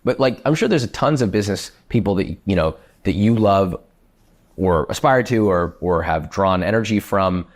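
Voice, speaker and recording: Man, very low pitch, chef, casual chatty storytelling, profane. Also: moderate pace. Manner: animated, swears freely, lots of fillers.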